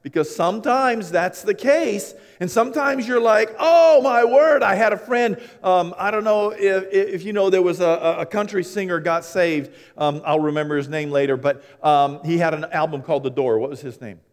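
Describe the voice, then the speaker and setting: A man preaching a sermon, telling folksy stories and swinging between hushed and loud, animated delivery. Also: a little high, moderate pace, few pauses. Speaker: pastor. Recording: long hall reverb.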